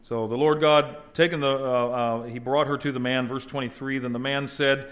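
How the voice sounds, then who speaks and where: A middle-aged male pastor delivering a sermon, his voice at an ordinary mid pitch. He talks to his listeners casually, then swells into emphatic bursts when a point lands. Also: fairly even intonation, normal speed, few pauses, fairly bright tone. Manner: conversational preaching, rising to emphatic exclamation.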